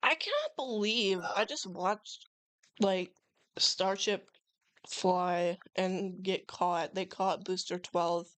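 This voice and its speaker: A woman hosting a casual live reaction stream, excitable and swearing freely in loose slang. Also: medium pitch, slow, no room sound. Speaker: livestream host.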